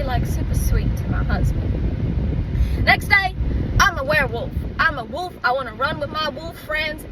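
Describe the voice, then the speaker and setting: A woman rambling candidly in a casual monologue, swearing freely as she talks outdoors. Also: high voice. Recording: distant mic with loud traffic noise.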